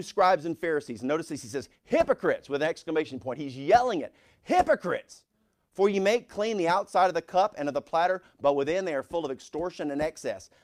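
Middle-aged male pastor with a slightly high voice, preaching with animated force. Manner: animated preaching, reads scripture aloud with rising force. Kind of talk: sermon.

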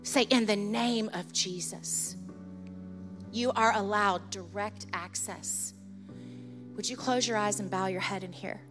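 Woman pastor preaching over soft music. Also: mid-range voice. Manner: storytelling, earnest and urgent, then softly intense in prayer. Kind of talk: sermon.

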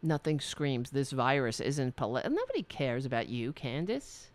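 A woman's voice: rumbling low, big pitch swings, moderate pace. A woman giving sarcastic commentary as she reads emails aloud, mocking and swearing freely.

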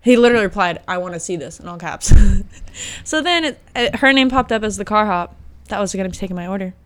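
A young woman hosting a podcast, telling a story in a casual, animated way and laughing often. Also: mid-range voice, fast talker, clear, resonant tone. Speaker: podcast host. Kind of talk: casual chat.

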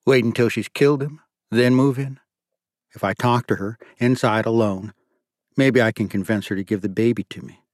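A male narrator voicing a calm, earnest reverend who speaks gently and evenly. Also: medium pitch, normal speed, no echo, studio quality, lightly acted.

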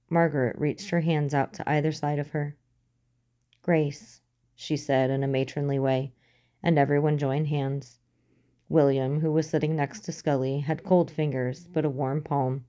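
A woman reading a story aloud in a steady, even storytelling manner, as an audiobook. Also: deep voice. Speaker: narrator. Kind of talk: audiobook reading of fan fiction.

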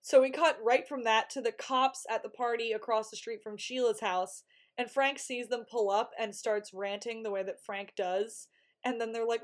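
On a podcast she co-hosts, a woman with a slightly high voice casually runs through a TV episode at normal speed, animatedly acting out what the characters say.

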